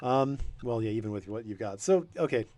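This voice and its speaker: A man running a tabletop game as game master, talking in a rambling, hesitant way with many pauses. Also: lowish voice, animated, a little mellow. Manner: rambling, hesitant, lots of ums.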